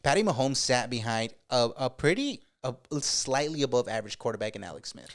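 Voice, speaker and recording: Smooth-voiced man, laid-back sports chat. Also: medium pitch, brisk. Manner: relaxed, laughs often, says bro. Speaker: podcast co-host.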